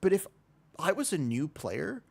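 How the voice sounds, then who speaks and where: Man, live streamer, casual rambling chat, gravelly fry, bouncy pitch. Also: measured pace. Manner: animated rambling with frequent restarts.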